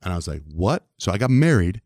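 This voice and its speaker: A man in his fifties from the American Southwest, telling animated stories as an interview guest. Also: low voice, very fast, no room sound, studio quality. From southwestern United States. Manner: animated, acts out quoted voices. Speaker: interview guest, radio personality. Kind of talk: conversational storytelling.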